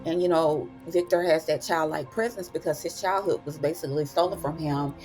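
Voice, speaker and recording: A woman's voice: low voice, brisk, a little mellow, soft background music. A woman host casually recapping TV episodes, chatty and folksy, calling listeners "honey" and "child".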